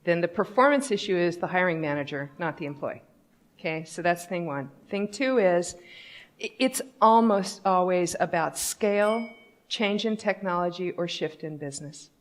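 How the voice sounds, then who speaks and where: A woman's voice: on the low side, lively intonation, normal speed. A woman giving a conference talk on company culture, speaking bluntly and candidly in a conversational way.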